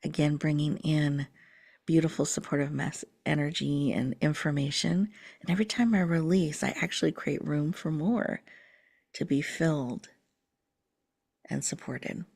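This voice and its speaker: A woman host leading a slow, soothing guided breathing meditation, sometimes dropping to a whisper. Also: low voice, steady tone, vocal fry, a little mellow, husky.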